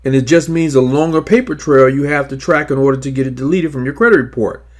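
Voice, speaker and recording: A man narrating scripted instructions on negotiating debts, in a measured, emphatic coaching manner. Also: mid-range voice. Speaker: credit repair advisor.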